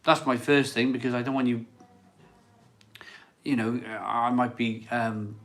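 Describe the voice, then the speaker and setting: Speaking a little slowly in a mid-range, fairly bright voice with fairly even intonation, a man hosts a laid-back live stream for his beer channel. He chats, reads viewer comments, rambles, repeats phrases and laughs a lot.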